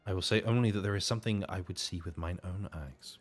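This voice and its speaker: A man's voice: low-pitched, fast talker, soft background music. A man reading an earnest young woman leader. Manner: earnest, formal, old-fashioned phrasing.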